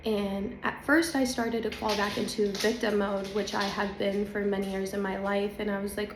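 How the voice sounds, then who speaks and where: A woman's voice: mid-range voice, level tone, moderate pace, few pauses, a little hiss or hum. Chatty woman in an echoey room. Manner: chatty, confiding, emphatic. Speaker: spiritual vlogger. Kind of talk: casual spiritual talk to camera. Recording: echoey room with faint ambience.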